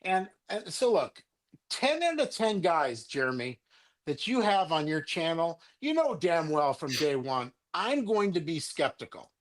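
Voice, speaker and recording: A man's voice: a little high, sing-song, measured pace. An older man, a sports card collector, ranting with profanity in a rambling, angry way on a livestream video call. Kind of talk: heated livestream rant. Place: home, remote video call.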